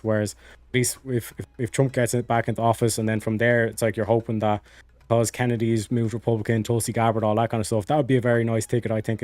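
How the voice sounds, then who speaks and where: A man's voice: lowish voice, a little mellow, dry recording. Rambling Irish man in voice chat. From Ireland. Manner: rambling, many fillers and restarts. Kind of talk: casual voice-chat political talk.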